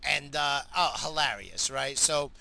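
A middle-aged man tells a story straight to camera in a loose, rambling monologue. He swears freely and keeps laughing at his own tale. His voice has a very bright, sharp edge to it. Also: mid-range voice, a little slow, creaky.

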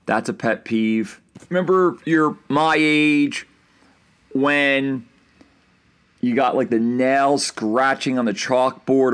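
A middle-aged man hosting a casual solo podcast, ranting in an exasperated, animated way about everyday annoyances. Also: medium pitch. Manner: animated, exasperated ranting with bursts of mock yelling. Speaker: podcast host.

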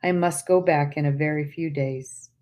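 A man's voice: a little high, steady tone, moderate pace, darkish tone, natural voice. A woman reading aloud the lines of a weary, grieving middle-aged husband in a subdued, sorrowful way, close to her own voice.

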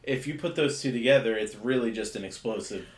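A young man with a Jersey-Philly accent chats casually as a podcast co-host. He talks haltingly, breaking off and starting over mid-thought. The recording carries a roomy echo. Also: medium pitch. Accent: Jersey/Philadelphia. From northeastern United States. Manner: hesitant, trails off and restarts often.

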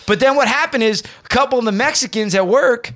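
A man's voice: extremely high pitch, fast, a bit bright. A man co-hosting a podcast, telling crude, rambling stories in casual banter full of fillers. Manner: rambling storyteller, frequent fillers. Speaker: podcast co-host.

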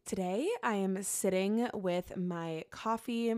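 A heavily pregnant young woman, a little out of breath, hosts her own solo podcast, chatting casually, rambling, and laughing often. Her voice is medium-pitched and slightly mellow, and she takes her time.

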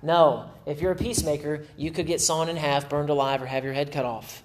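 A man's voice: fairly high pitch, fairly even intonation, a little fast. A male pastor preaching a sermon in an emphatic way, with dry sarcastic humor.

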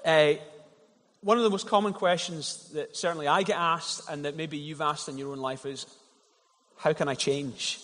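Male pastor, slightly high voice, conversational sermon with story illustrations, recorded in a reverberant church hall. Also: fairly even intonation, moderate pace, fairly bright tone. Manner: conversational storytelling, repeats words when starting a thought.

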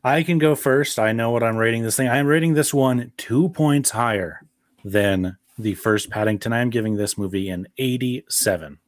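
Male podcast co-host, easygoing and jokey, mid pitch, dry close sound. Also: moderate pace, no echo. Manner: relaxed, jokey, reads out film facts and scores. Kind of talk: casual movie review chat.

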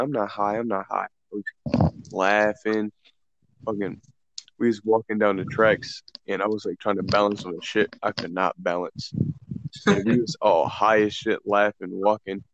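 Low-voiced young man telling stories, swearing. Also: dry recording. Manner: loose, profane, animated retelling with quoted dialogue. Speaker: podcast co-host. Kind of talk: casual storytelling among friends. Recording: dull, dry lo-fi sound.

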